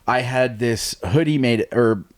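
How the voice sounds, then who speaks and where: A young man hosts a casual podcast, his voice sitting at an ordinary middle pitch. He tells stories in a rambling way, full of fillers and curse words. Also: unhurried. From Canada. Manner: rambling, heavy swearing, many fillers. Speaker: podcast host. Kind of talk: casual storytelling chat.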